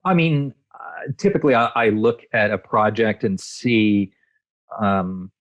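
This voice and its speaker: A man with a low voice tells stories in a relaxed, meandering way, full of "um"s and restarts. His voice sounds dry and close, with no room around it. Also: unhurried, dry recording, dull audio. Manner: relaxed storyteller, many fillers and restarts. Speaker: guest, voice actor and screenwriter. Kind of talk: casual interview chat.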